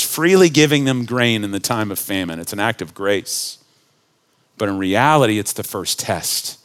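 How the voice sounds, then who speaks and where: A man preaching a sermon, animated and storytelling, acting out quick voices and dropping to quiet earnest tones. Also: medium pitch. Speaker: pastor.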